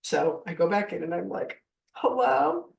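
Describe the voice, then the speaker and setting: A woman's voice: fairly low pitch, normal speed, creaky, far from the mic, poor audio. A woman in her fifties, a spiritual teacher telling stories in a live masterclass and acting out the voices she quotes. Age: 50s. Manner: animated, acts out quoted voices.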